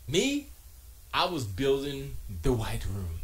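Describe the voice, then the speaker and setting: A man hosting a casual livestream from his home music studio, reading chat aloud and joking, with quiet muttered asides to himself. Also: medium pitch, sing-song, moderate pace. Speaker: live streamer reading chat.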